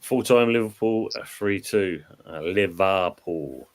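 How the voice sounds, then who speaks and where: Low-voiced man chatting about football. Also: slow pace. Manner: rambling, hesitant, laughs often. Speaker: guest co-presenter reading viewer comments. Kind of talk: casual football chat on a live stream.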